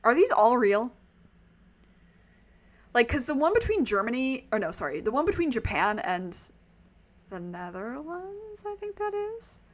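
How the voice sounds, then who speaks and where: A woman's voice: high voice, very animated, a little slow, pauses often. A woman streamer giving casual let's-play commentary, rambling with laughing asides. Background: game music.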